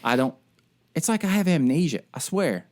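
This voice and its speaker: A man co-hosting a casual podcast, telling a frustrated story in an animated, ranting way. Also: a little high, moderate pace. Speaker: podcast co-host; military service member.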